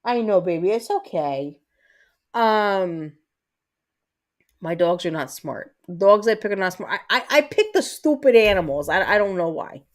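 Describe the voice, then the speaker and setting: A woman's voice: mid-range voice, expressive, measured pace. A woman in her thirties hosting a livestream, chatting casually with her viewers, rambling and cursing, with lots of fillers and restarts. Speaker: livestream host.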